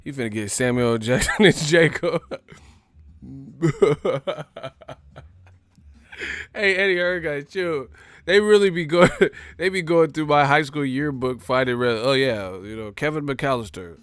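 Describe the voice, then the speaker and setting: A man hosting a live stream, giving loud, profane, slangy boxing banter full of laughs and mock impressions. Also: on the high side, unhurried, pauses often, smooth, dry recording. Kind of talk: casual boxing commentary with comic impressions.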